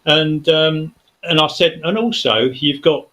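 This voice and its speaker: A man's voice: fairly high pitch, slow, pushed and bright, rough recording. A man, a studio guest telling a long story in casual chat, rambling with many fillers and restarts.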